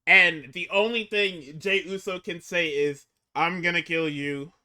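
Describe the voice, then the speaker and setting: Male co-host, high and piercingly bright, profane heated chatter. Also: a little slow. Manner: profane, heated ranting with laughs. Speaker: podcast co-host. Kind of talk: casual chat.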